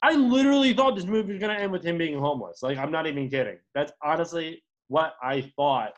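High, animated ranting man. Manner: ranting, exasperated, swearing; rapid pitch swings, sarcastic. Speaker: podcast co-host. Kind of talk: casual movie-review chat.

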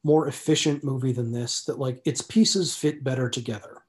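A man co-hosting a podcast, discussing films in a measured, hesitant way with frequent restarts, over a remote call. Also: mid-range voice, fairly even intonation, a little mellow. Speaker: podcast co-host. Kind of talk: casual film discussion.

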